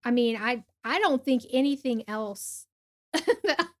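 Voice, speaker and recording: A woman's voice: fairly high pitch, animated, slow. A woman co-hosting a casual podcast chat, reacting emphatically and telling stories. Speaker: podcast co-host.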